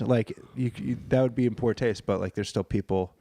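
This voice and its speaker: Gravelly guy rambling and cussing on a podcast, dry close mic. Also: medium pitch, fairly even intonation, fairly quick, hardly any pauses, mellow, no room sound. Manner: rambling, swearing, drops into silly voices. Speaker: podcast co-host. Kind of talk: casual podcast banter.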